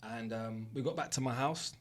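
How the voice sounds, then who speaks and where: A young man with a London accent tells a personal story straight to his listeners. His voice sits in an ordinary middle pitch, and he talks in a candid, earnest way, swearing freely as he drives his point home. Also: normal speed. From South West London. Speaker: host. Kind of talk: motivational storytelling monologue.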